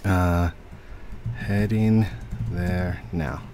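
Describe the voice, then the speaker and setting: A man's voice: low-pitched, steady tone, drawn-out words, dark tone, soft background music. A man hosting a gaming video, chatting casually and playfully with a teammate over voice chat, laughing often.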